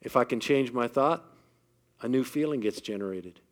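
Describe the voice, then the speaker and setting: At a moderate pace and medium pitch, a man addresses a live crowd with a motivational message rooted in faith. His delivery is forceful, and he keeps asking the audience questions.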